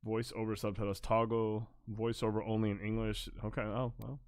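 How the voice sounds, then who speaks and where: A man's voice: lowish voice, level tone, brisk, darkish tone, smooth, no room sound. A man chatting casually and reading game lines aloud as he streams a video game, swearing now and then. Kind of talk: casual live-stream commentary. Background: game music.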